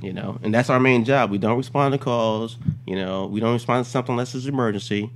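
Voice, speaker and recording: A man's voice: medium pitch, fast talker, a little hiss or hum. A man telling a comic, profane story on a casual podcast. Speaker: storyteller guest.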